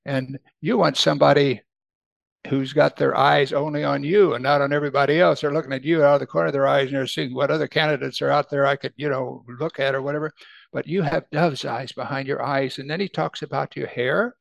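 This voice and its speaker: Guy preaching a sermon, kinda gravelly, dry close sound, chatty but gets worked up on the quotes. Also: medium pitch, a little fast, no room sound. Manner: conversational, animated when quoting scripture. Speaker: pastor.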